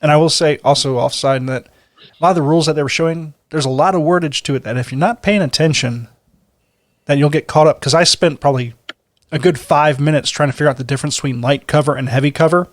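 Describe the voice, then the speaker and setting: A man's voice: a little high, fast talker, dry recording. Easygoing man, dry close sound. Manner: easygoing, self-deprecating. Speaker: podcast co-host. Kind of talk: casual chat.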